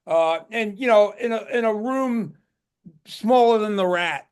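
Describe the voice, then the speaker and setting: A man's voice: high voice, unhurried, clean tone. An older man, a guest musician, tells stories in a casual interview, rambling and restarting his words.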